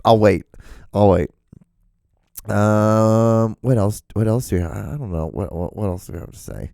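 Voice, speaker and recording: A man's voice: on the low side, normal speed, creaky, dark tone, no echo, clean studio sound. A man hosting his own solo podcast, rambling jokily and swearing freely in a casual monologue. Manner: rambling, profane, jokey. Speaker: podcast host.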